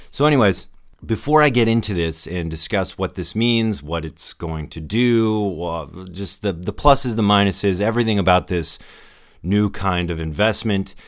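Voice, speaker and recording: Male podcast host, very low voice, chatty and upbeat. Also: normal speed. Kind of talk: casual solo podcast talk.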